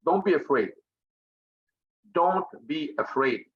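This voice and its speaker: A man's voice: a little high, expressive, slow pace, breathy edge, lo-fi sound. Blunt, profane man on a rant. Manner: blunt, profane, combative, emphatic repetition. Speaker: think tank leader. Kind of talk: fiery motivational talk.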